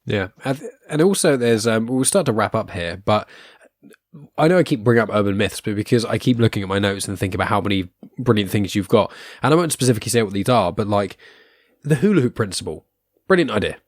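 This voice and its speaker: A man's voice: lowish voice, expressive, fast talker, no echo, studio quality. A man in his twenties hosting a podcast, chatting casually with frequent restarts and laughs. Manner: rambling, self-interrupting, laughs often. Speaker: podcast host.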